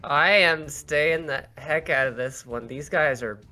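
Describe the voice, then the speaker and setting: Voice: medium pitch, measured pace, sharp tone, soft background music. A player in a tabletop game who thinks aloud cautiously, often restarting sentences. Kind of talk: casual chat at a game table.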